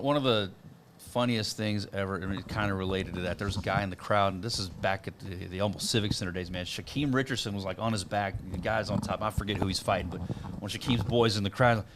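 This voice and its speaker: A man hosting a podcast in casual chat, easygoing and quick to laugh. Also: lowish voice, noisy background. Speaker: podcast host.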